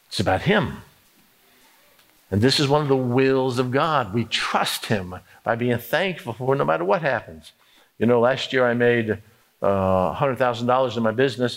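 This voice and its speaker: A man's voice: mid-range voice, fairly bright tone. A man preaching a sermon, emphatic, acting out prayers and inner talk in the first person. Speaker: pastor.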